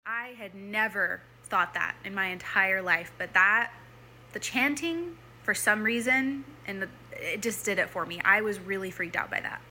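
A woman's voice: mid-range voice, expressive, moderate pace, pushed and bright, a little hiss or hum. A young woman telling a personal story in a chatty way, full of "like" and "um", often acting out her own past thoughts. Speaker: former church member telling her story.

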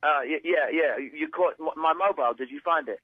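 A man's voice: fairly high pitch, brisk, no echo. A British man on a phone call, getting more and more exasperated, impatient and sweary. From Britain. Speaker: prank call target. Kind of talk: phone conversation. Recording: phone line.

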